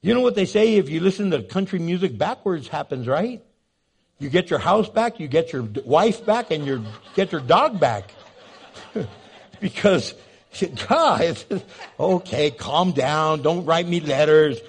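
A man preaching a sermon, animated and jokey, acting out the scenes he describes. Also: fairly high pitch, measured pace, gravelly, breathy edge. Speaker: pastor.

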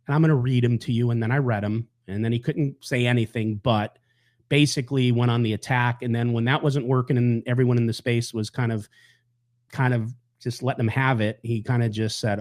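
A man's voice: medium pitch, brisk, a little mellow. A man hosting a show, telling a story in a blunt, angry, rambling way with heavy swearing. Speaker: podcast host. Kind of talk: casual monologue.

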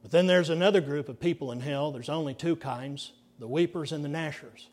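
A middle-aged male pastor preaching a sermon, earnest and dramatic, dropping to hushed near-whispers for emphasis. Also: on the high side. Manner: earnest, slow and deliberate phrasing.

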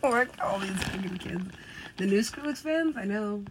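A woman in rambling casual chat, profane and giggly, swinging from loud bursts to whispers. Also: medium pitch, lively intonation, moderate pace, very noisy.

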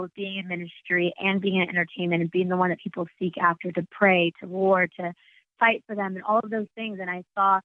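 A woman's voice: lowish voice, dry recording. A woman speaking as a guest author, sharing a personal testimony in an earnest, flowing way. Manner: earnest, flowing, faith-filled speech. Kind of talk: phone interview, personal testimony. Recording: tinny phone line.

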